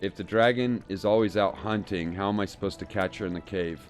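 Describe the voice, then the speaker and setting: Casting: low-voiced man as a composed game hero asking questions. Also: fairly quick, soft background music, natural voice. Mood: calm.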